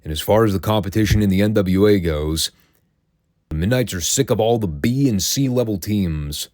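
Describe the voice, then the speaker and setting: A man's voice: fairly low pitch, moderate pace, darkish tone, no room sound, studio quality. A man hosting a casual solo recap show, telling the story in a chatty, wry, opinionated way. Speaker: wrestling recap host.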